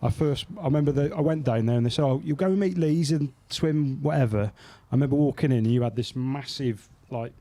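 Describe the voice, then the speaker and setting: A man's voice: mid-range voice, a little fast, few pauses. British man telling a fishing anecdote. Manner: animated, acts out quoted voices in anecdotes. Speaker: podcast host. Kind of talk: casual storytelling chat.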